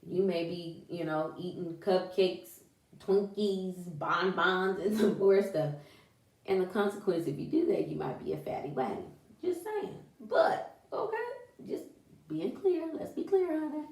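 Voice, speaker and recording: A woman vlogging in a casual, encouraging way, animated and folksy, with churchy exclamations. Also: lowish voice, recorded from a distance. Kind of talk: casual encouraging vlog talk. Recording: echoey room, voice away from mic.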